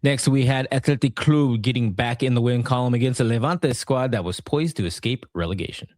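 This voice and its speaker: A man's voice: mid-range voice, a little fast, darkish tone, dry recording, studio quality. A man co-hosting a soccer podcast, reading out results and standings in a playful, sometimes sing-song way. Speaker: podcast co-host. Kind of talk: casual soccer match review.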